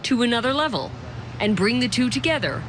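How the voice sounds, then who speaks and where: A woman reporter reading scripted news narration in a measured, even way. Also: fairly high pitch, very noisy. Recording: voice-over with background music.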